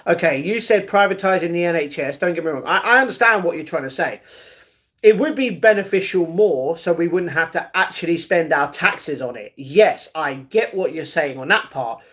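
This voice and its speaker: A man's voice: fairly high pitch, animated, normal speed, fairly bright tone. A man hosting a casual livestream, reading viewers' chat messages aloud and answering each one directly from home. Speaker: livestream host.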